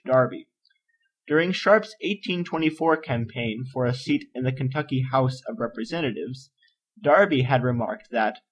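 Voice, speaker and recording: A man reading an encyclopedia article aloud in a measured, even narration. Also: medium pitch, slightly rough. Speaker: volunteer article reader. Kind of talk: steady read-aloud narration.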